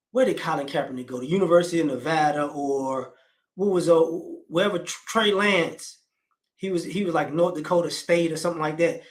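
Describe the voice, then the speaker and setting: A man in his forties talking casually, rambling with frequent restarts and fillers. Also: fairly high pitch. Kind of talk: casual conversational commentary.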